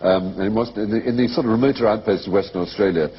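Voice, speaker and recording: An Englishman speaking as a guest on a comic panel show, witty and animated, often slipping into quick impressions of other people. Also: on the low side. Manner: witty, animated, mimics voices. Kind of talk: comic studio chat. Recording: muffled TV recording with steady background noise.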